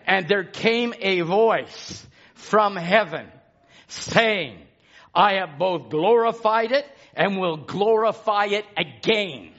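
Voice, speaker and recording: A man's voice: high voice, lively intonation, takes it slowly, a bit bright, lo-fi sound. A man preaching a sermon with passion, his intensity rising and falling as he exhorts the congregation.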